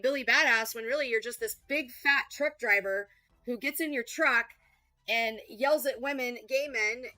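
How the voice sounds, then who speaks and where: A woman hosting a reaction livestream, firing back with combative, sarcastic and profane retorts. Her voice is bright and a touch high. It sounds dry and close, with faint music underneath. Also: no room sound, poor audio. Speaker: reaction streamer. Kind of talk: heated reaction commentary.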